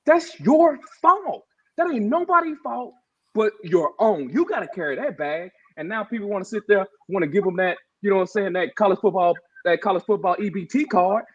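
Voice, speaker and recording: A fired-up podcast co-host delivers an emphatic sports rant in a high-pitched, animated, slightly rough voice at a brisk clip. "Bro" and "y'all" come up often as he addresses the others. Audio quality is dull and lo-fi.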